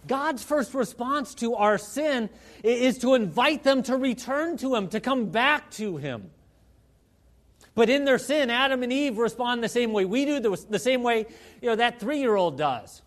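A man preaching a sermon as pastor, in a conversational style full of asides, moving between hushed and emphatic delivery. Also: very high-pitched, very animated, unhurried.

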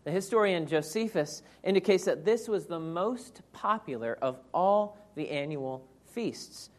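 A woman with a low voice delivers an earnest, reflective sermon. Her tone rises and falls widely as she teaches through scripture in a thoughtful, measured way. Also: expressive, darkish tone. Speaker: preacher.

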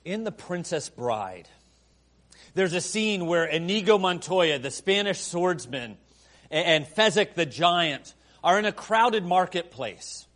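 High-voiced, slow, dramatic male preacher. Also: lively intonation. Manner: dramatic, swings from soft hushed prayer to loud emphatic preaching. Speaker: pastor. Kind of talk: sermon with opening prayer.

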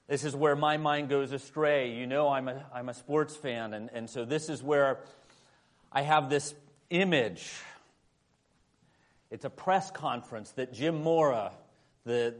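A man preaching a sermon as pastor, with a dramatic delivery that swings between loud emphasis and hushed asides. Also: mid-range voice.

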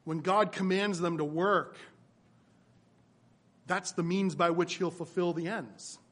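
A pastor with a notably high, slightly bright voice preaches a sermon from the pulpit, slow and steady in tone. He speaks earnestly, repeating key phrases for emphasis and rising and falling as he drives his points home.

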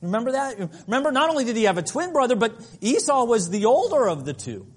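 A man preaching a sermon, earnest and dynamic, shifting between soft passages and emphatic ones. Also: very high voice, big pitch swings, fast, breathy edge. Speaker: pastor.

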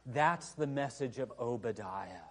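A man's voice: mid-range voice, animated, a little slow, a bit bright. Man preaching a storytelling sermon. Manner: conversational storytelling with frequent filler phrases. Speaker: pastor.

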